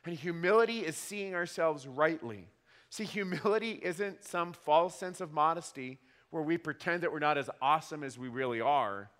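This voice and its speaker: Male pastor, thirties, slightly high voice, animated and wry, sermon in a church hall with long reverb. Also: normal speed. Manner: animated, wry storytelling with emphatic repeats.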